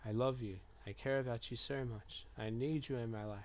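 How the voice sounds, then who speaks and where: A man streaming a game, reading typed chat messages and reply choices aloud in a low-key, musing way. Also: steady tone, brisk, noisy background. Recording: clear keyboard typing behind voice.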